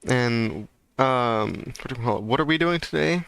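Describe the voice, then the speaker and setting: Rambling male streamer, smooth dry voice. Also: mid-range voice, animated, normal speed, fairly bright tone, no room sound. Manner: rambling, ranting, heavy fillers. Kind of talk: casual livestream chat.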